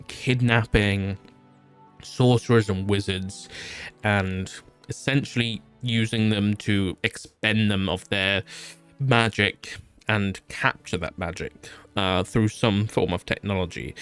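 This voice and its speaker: Man, game master, laid-back recap, smooth tone, faint music behind. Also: lowish voice, fairly even intonation, slow pace, fairly bright tone. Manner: casual, laid-back storytelling with loose asides. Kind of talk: recapping a tabletop game session.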